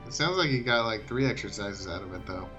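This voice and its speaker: A man's voice: lowish voice, animated, fast, dull audio, over music. A male co-host chiming in with short, dry remarks during a casual chat. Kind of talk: brief reactions in casual chat.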